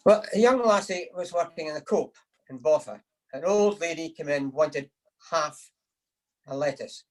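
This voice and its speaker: A man's voice: fairly high pitch, animated, normal speed, low-quality recording. Guy doing a toast over video call, story after story, laughs at his own jokes. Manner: storytelling with acted quotes, chuckling at own jokes. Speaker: speaker giving a toast to the lassies. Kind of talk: after-dinner joke telling.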